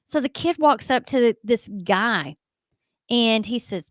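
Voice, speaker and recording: A middle-aged woman, a ghost hunter guest telling an emphatic, animated story in a radio interview. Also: on the high side, measured pace, no room sound.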